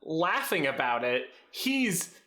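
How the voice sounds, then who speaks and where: Man, co-host, game chat, slow drawn-out delivery, slightly high, dramatic character bits. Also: big pitch swings, a crowd in the background. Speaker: podcast co-host. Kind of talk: casual chat about a video game.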